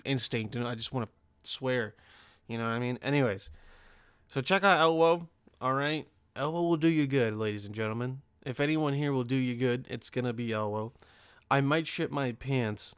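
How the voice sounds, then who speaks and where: Male podcast host, rambling and profane, smooth resonant tone, dry close sound. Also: mid-range voice, fairly bright tone, dry recording. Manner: profane, rambling, full of fillers and restarts. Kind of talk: casual rambling monologue.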